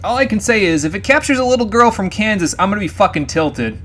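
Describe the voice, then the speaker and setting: A man's voice: high-pitched, lively intonation, fast, fairly bright tone, faint music behind. A man commentating a live game stream, chatty and jokey. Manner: chatty, jokey, frequent laughs.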